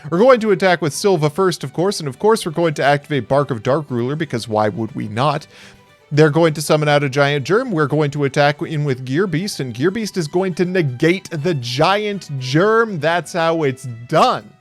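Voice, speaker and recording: A man's voice: a little high, expressive, moderate pace, faint music behind. Wry upbeat man calling card duels. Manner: wry, upbeat, talks to viewers as folks. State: hiccuping. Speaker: YouTube card game commentator. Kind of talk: casual play-by-play commentary.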